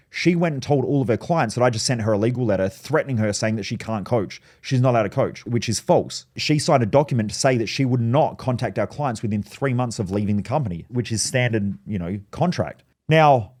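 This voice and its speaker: Aussie guy ranting about business drama, blunt, swears a lot, gets animated. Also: mid-range voice. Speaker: business coach. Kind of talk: casual monologue, storytelling.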